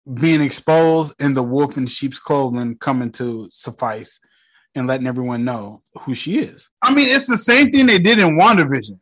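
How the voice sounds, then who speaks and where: A young man casually recapping a movie, swearing freely and retelling the scenes with excitement. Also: on the high side. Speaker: movie reviewer.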